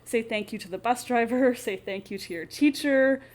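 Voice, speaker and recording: A woman's voice: on the high side, moderate pace. A woman teaching everyday English phrases in a casual lesson, laughing often and acting out short example dialogues.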